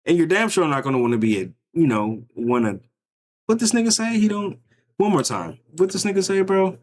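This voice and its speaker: Animated joking man reacting to clips. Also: sits high, brisk. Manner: loose, joking, slangy, acts out bystanders' thoughts. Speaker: reaction streamer. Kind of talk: casual commentary reacting to clips.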